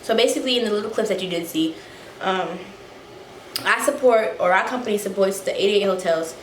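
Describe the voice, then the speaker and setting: A woman's voice: medium pitch, a little fast. Young woman vlogger, casual and slangy, phone audio with room echo. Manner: chatty, slangy, talking to viewers. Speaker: soldier vlogger. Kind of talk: casual vlog. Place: phone recording in a room and a car. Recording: roomy phone audio with faint noise.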